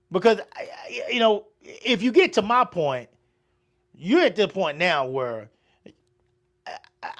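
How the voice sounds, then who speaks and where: A man's voice: sits high, bright, forceful tone. A man co-hosting a podcast in casual chat, frank and profane with emphatic delivery. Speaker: podcast co-host.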